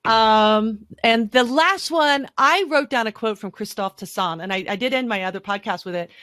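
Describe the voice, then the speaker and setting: A woman's voice: on the high side, moderate pace, a bit bright, no room sound, studio quality. A woman speaking as a wine expert guest on a podcast, chatty and enthusiastic with frequent restarts. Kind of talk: conversational podcast explanation.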